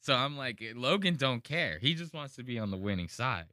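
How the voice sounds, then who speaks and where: Man, podcast host, bright forceful voice, dry close sound, profane, animated. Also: moderate pace, no echo. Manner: animated, profane, mimics people in high voices. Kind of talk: casual podcast commentary.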